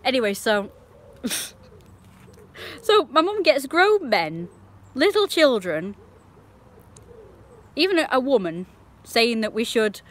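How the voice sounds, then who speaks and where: A woman's voice: a little high, very animated, slow, pauses often. Ranting woman streamer, swearing. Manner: indignant, rambling, swears freely. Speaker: live streamer. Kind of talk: rambling anecdote on a live stream.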